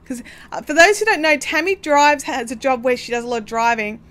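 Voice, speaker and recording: A woman's voice: high-pitched, animated, fairly quick, fairly bright tone. Bubbly Australian woman chatting live. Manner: chatty, bubbly, rambling with fillers. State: hiccups. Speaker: craft livestream host. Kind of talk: casual live chat.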